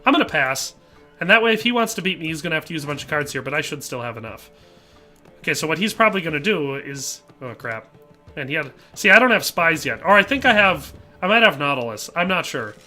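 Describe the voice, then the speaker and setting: A man's voice: a little high, sing-song, fast talker, bright, forceful tone, soft background music. A middle-aged man from the American Midwest with a Midwestern accent, chatting casually while playing a game live and reading chat aloud. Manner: chatty, reads chat aloud, frequent fillers. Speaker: streamer. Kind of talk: casual live gameplay commentary.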